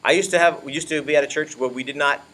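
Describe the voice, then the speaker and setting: A man's voice: on the high side, fairly even intonation, quick pace, fairly bright tone. A man leading church volunteers in an informal, upbeat talk, often checking in with "all right?". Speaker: children's ministry leader.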